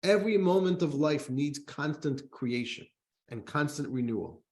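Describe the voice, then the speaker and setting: Animated rabbi teaching a class. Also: male voice, a little high, moderate pace. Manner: animated teacher, reads text aloud then explains. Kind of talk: Torah class lecture. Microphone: microphone in front of him.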